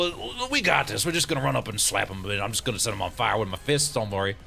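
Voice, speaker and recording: A man's voice: mid-range voice, big pitch swings, normal speed, vocal fry, bright, forceful tone, soft background music. A man streaming a game in casual let's-play commentary, joking, laughing often and reading game lines aloud.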